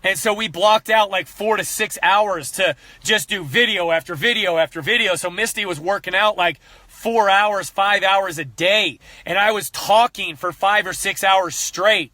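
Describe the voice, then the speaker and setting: A man in his thirties giving a candid motivational talk as a fitness coach, earnest and animated, repeating himself when he gets fired up. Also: high voice, normal speed, no room sound.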